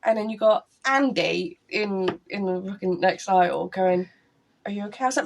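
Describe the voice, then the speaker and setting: A young woman co-hosting a podcast, telling a story in casual chat, swearing freely and acting out the other people's lines in high voices. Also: normal speed, vocal fry, slight background noise. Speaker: podcast co-host.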